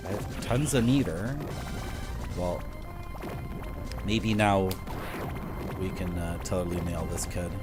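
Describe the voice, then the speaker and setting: Chatty low-voiced streamer with game music. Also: male voice, takes it slowly, pauses often. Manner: chatty, self-mocking, talks to chat. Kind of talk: casual gameplay commentary. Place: home streaming room with a game shelf. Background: retro game music.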